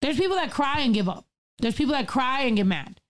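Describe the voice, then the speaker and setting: A woman's voice: sits high, animated, brisk, clear, resonant tone. Brash, profane woman telling stories. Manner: loud, profane, laughing storyteller. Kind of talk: casual chat among friends.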